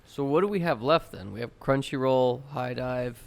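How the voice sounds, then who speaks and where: A man's voice: medium pitch, moderate pace, creaky. A man co-hosting a podcast in casual chat, wry and asking blunt questions. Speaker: podcast co-host.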